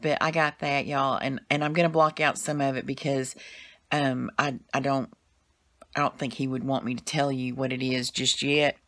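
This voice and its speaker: A woman's voice: extremely low pitch, little pitch movement, normal speed, a bit bright. A woman with a Southern US accent, chatting casually to her camera as a vlogger, rambling with lots of fillers and restarts.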